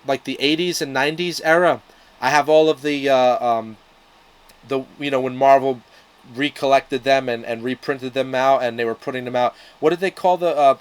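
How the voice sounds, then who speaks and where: A man's voice: mid-range voice, normal speed, smooth, poor audio. A young man talking casually in a vlog about comics, rambling with lots of fillers and restarts, now and then swearing. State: out of breath. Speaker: YouTube comics reviewer.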